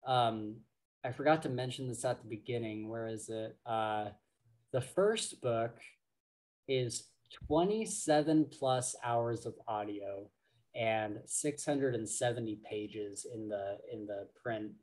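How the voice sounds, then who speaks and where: A man co-hosting a podcast, chatting casually about books in a halting way full of fillers and restarts. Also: mid-range voice, a little mellow. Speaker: podcast co-host. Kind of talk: casual book discussion.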